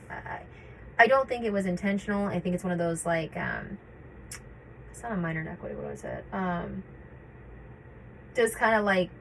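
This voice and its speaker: Lower-voiced woman vlogging with hesitant fillers. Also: a little hiss or hum, rough recording. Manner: hesitant, with many fillers and restarts. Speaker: vlogger sharing her own experience of grief. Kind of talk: reading from an article on grief, with casual personal commentary.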